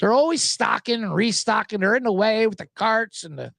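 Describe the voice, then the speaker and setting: Animated high-voiced man ranting. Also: a little fast, creaky, dry recording, studio quality. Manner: animated, swearing, acts out voices in quotes. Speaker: sports betting podcast host. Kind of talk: ranting casual monologue.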